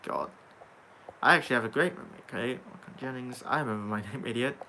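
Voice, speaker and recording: A man's voice: mid-range voice, fast talker, pushed and bright, a little hiss or hum. A young man hosting a casual livestream, reading out viewer comments and answering them with sarcastic banter and casual swearing. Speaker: livestream host reading chat.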